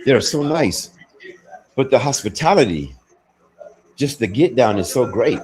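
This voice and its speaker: Casting: blunt, foul-mouthed man, casual chat, lively pitch swings, lots of restarts. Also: a little slow, low-quality recording. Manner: blunt, profane, rambling with many restarts. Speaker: expat talking on a livestream call. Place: abroad, with faint outdoor sounds behind.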